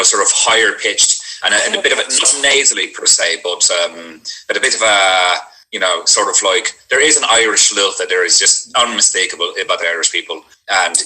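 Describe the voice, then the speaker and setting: A man's voice: sits low, pushed and bright, poor audio. A man, an actor, chatting casually and rambling about doing accents, with lots of fillers. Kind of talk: casual chat.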